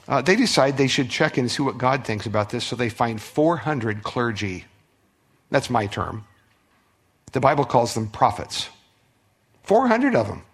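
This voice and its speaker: Middle-aged guy preaching, fairly high voice, storytelling, gets loud then goes real quiet. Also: breathy edge. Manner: animated storytelling, swinging from loud to hushed; conversational, repeats words and restarts. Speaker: pastor. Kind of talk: sermon.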